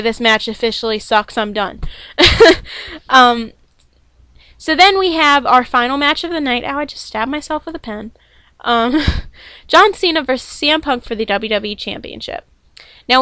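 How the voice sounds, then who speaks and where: Fairly high-voiced woman gushing and ranting in a casual vlog, lots of ums, dry room. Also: fairly bright tone, clean tone, dry recording. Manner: chatty, gushing, rambling with many ums and restarts. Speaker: wrestling fan reviewing a show.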